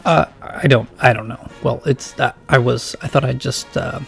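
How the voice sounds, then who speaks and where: A man's voice: medium pitch, normal speed, gravelly, a bit bright, soft background music. A man voicing a nervous, gloomy teenage boy who stammers and hesitates. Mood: stammering.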